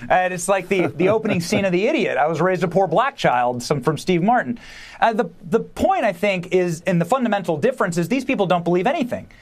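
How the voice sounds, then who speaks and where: A man with a fairly high voice speaks as a guest commentator on a news show. He argues emphatically and quickly, preaching his point with rising conviction. His delivery is pointed and sure of itself. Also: lively intonation. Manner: emphatic, preachy and fast-talking. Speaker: podcast host and guest commentator. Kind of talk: political commentary.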